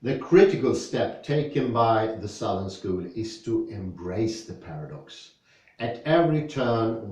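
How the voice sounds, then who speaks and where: A man from Sweden with a Swedish accent, discussing philosophy, reading passages aloud and then explaining them slowly and thoughtfully with personal examples. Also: fairly low pitch, darkish tone, heavy reverb, far from the mic.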